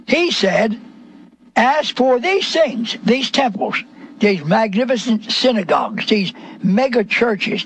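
Slow, high-voiced preacher. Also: male voice, low-quality recording. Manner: slow, emphatic preaching with drawn-out scripture quotes. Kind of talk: sermon.

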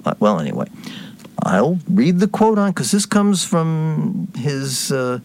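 A man's voice: fairly high pitch, sing-song, takes it slowly, slight background noise. A man giving political commentary, reading posts aloud in a sarcastic, mocking way.

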